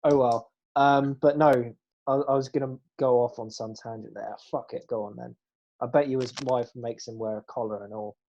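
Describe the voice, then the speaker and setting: A man's voice: mid-range voice, steady tone, moderate pace, gravelly, a little mellow. A young man, co-hosting a casual podcast, cracking jokes and swearing freely. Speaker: podcast co-host. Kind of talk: casual chat. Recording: dull, lo-fi sound.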